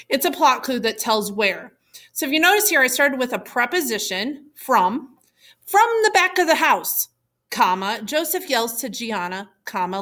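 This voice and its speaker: A woman teacher giving a recorded lesson, explaining clearly and patiently. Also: on the high side, pushed and bright.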